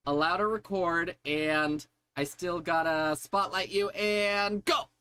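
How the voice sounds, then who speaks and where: An open mic host talks casually over a video call at a medium pitch. They chat through the tech setup and fumble a little along the way. Give me a relaxed, informal hosting voice. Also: unhurried.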